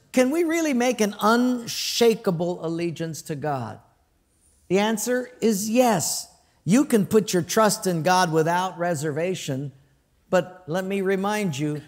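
A male pastor preaching a conversational sermon, telling stories and asking the congregation questions. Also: high voice. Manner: storytelling, conversational, asks the crowd questions; acts out quoted voices with laughter.

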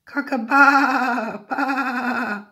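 A woman's voice: fairly even intonation, very slow, exaggerated voice. A woman voicing a frantic male cockerel who has forgotten how to crow, in a storybook read to a child. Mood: squawking. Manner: squawking, high and shouted.

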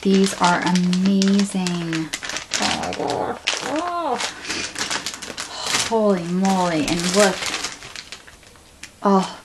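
A woman's voice: on the low side, animated, drawn-out words, long pauses, very noisy. Breathless gushing woman vlogger. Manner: breathless, gushing, drops to whispers. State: shaking with excitement. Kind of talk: excited unboxing vlog. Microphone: camera on tripod.

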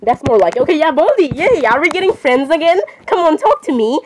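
A woman giving casual, excitable commentary while playing a game, apologizing constantly and talking to herself. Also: high-pitched, brisk, a little hiss or hum. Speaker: gamer.

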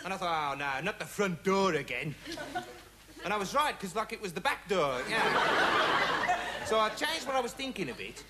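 An actor plays a dim young male amateur investigator, delivering a rambling comic monologue full of pointless asides in a high, sing-song voice at normal speed with long pauses. Loud studio audience laughter fills the noisy broadcast.

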